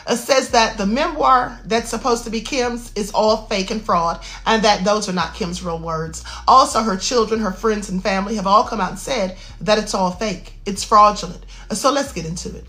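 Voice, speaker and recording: A woman's voice: mid-range voice, normal speed, hardly any pauses, pushed and bright. A woman giving online commentary in a direct manner. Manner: direct, reads quoted statement aloud.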